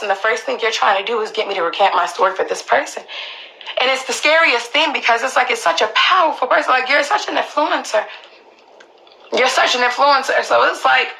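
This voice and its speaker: A young woman tells a personal story to her viewers. Her voice sits a little high, with a bright, cutting edge and a gravelly crackle. She talks emphatically and profanely, often restarting mid-sentence. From Queens, New York. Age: early 20s. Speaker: vlogger telling her own story.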